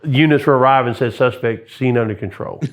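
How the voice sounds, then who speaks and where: A middle-aged man who once worked as a police sergeant tells long stories from the job in a relaxed interview. He is lively and talkative, often slipping into the voices of officers and dispatchers on the radio. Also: mid-range voice, a little fast. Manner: animated anecdotes, acts out radio calls and quotes. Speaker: retired police sergeant, guest. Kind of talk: storytelling in casual interview.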